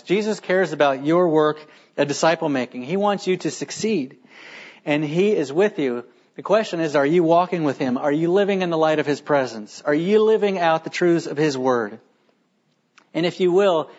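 Man, pastor, sermon, earnest emphatic preaching, rather high voice, muffled lo-fi recording. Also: lively intonation, normal speed, a little mellow.

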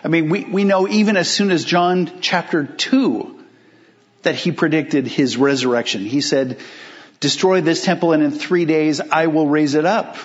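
A man preaching a sermon as pastor, emphatic, asking rhetorical questions and slowing down on key phrases. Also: fairly high pitch, muffled recording.

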